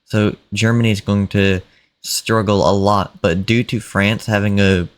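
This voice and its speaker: A man casually narrating an imagined war over a map, unhurried and plain, with fillers and mock quotes. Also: fairly low pitch, flat delivery.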